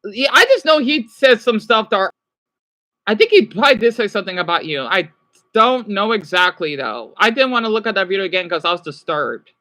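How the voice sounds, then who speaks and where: A man with a high, sharply bright voice rants agitatedly to a live stream audience. His pitch swings widely as he swears, trips over his words and snaps back at the chat. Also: sing-song, a little fast. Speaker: livestreamer. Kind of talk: ranting live stream monologue.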